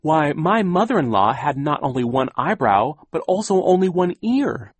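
A prim, fretful aunt who scolds children about manners, put on by a man reading aloud. Her voice sits raised and lively with a husky grain, close and dry. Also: on the high side, normal speed, no room sound, voice pushed up. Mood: fussy. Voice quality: prim, fussy. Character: fussy, prim, easily fooled middle-aged aunt.

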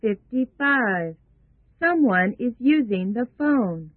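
A woman reading a numbered list of phrases for learners in slow, careful, even delivery. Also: on the high side, no room sound. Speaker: English phrase reader. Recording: tinny phone-like sound.

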